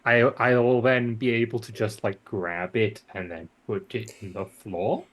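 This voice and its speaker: A man playing a tabletop role-playing game, narrating his character's actions in a halting, repetitive way. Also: fairly low pitch, fairly even intonation. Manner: halting, repeats words while narrating actions. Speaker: player.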